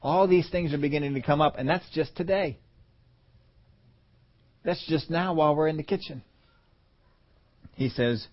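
A male preacher delivers a sermon on a muffled, lo-fi recording, his voice sitting a little high. He acts out biblical voices calling names, swinging from ringing calls to soft, low lines. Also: normal speed, pauses often. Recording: dull lo-fi audio.

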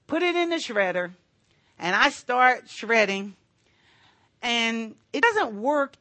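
A woman preaching a sermon, telling a personal story in a chatty, animated way with asides to the congregation. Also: medium pitch, no echo.

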